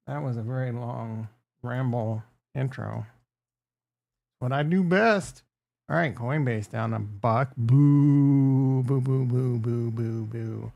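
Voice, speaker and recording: A man's voice: medium pitch, gravelly, dry recording. A man hosting a casual livestream, rambling and crude as he jokes with his chat. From Upper Midwest. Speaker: livestream host.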